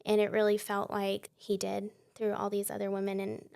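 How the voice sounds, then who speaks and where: A young woman, sharing her faith testimony as a guest in a conversational interview. She is a lively storyteller who laughs often and acts out the dialogue she quotes. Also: mid-range voice, normal speed, creaky. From Texas.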